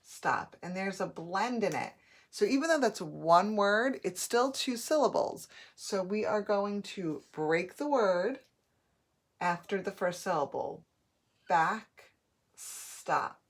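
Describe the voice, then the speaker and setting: A woman teacher giving a patient phonics lesson, modeling each word slowly and clearly. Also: mid-range voice, animated. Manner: slow, patient, drawn-out modeling of words.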